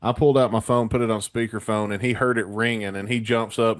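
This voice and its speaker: A man's voice: lowish voice, fairly even intonation, a little fast, few pauses, no room sound, studio quality. A man hosting a rock podcast while sick with a cold, swearing and stammering through casual stories. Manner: profane storytelling, stammering restarts. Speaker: podcast co-host. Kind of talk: casual rowdy chat.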